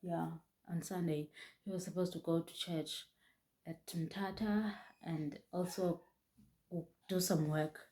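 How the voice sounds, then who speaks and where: A young woman telling a painful personal story in a halting way, often restarting, her voice close to tears. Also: fairly low pitch, fairly even intonation, mellow. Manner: halting, restarts often, voice rising and breaking with emotion. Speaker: vlogger.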